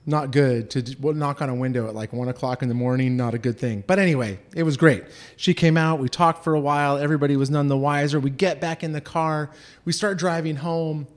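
A man's voice: a little high, fairly quick. A man from Southern California telling a personal story, acting out the voices of the people in it. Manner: animated, acts out quoted voices.

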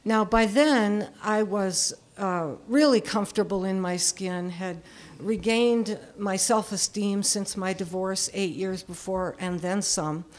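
A woman in her seventies tells a personal story candidly and self-deprecatingly, chuckling often. She speaks slowly in a medium-pitched voice.

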